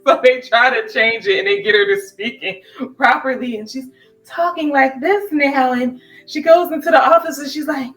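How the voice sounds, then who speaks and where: Casting: a bright, animated woman chatting casually, away from the mic. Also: sits high, moderate pace, recorded from a distance. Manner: animated, laughing storytelling. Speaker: podcast co-host. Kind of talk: casual chat. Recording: roomy, from the mic, faint music.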